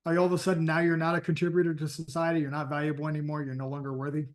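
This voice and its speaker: A man with a fairly high voice delivers a motivational training talk on sales. He tells stories in a lively, emphatic, conversational manner, like a coach talking straight to his group. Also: rapid-fire. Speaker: sales and network marketing coach.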